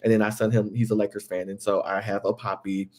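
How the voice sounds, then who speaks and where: A young man from Southeast Texas, chatting through a casual reality TV recap as host, jumping up high for quoted voices. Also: fast talker. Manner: chatty, animated, jumps to high acted quotes. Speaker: podcast host.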